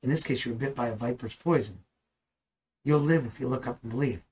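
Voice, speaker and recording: A man's voice: medium pitch, brisk, a little mellow, slightly rough, low-quality recording. A man teaching the Bible in a conversational way, earnest and at times emphatic. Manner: earnest, rising to emphatic bursts.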